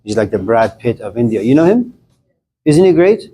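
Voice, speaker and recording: A man's voice: mid-range voice, very animated, normal speed, mellow, slight background noise. A male lecturer with a mid-range voice talks to his class in a loose, conversational way. He jokes and asks students questions as he tells a story. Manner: conversational, joking, addresses the class directly.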